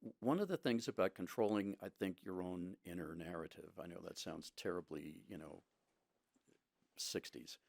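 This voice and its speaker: Low-pitched man, reflective podcast co-host, restarts often, dry close sound. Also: gravelly, darkish tone, no room sound. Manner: measured, reflective, many restarts. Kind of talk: casual podcast conversation.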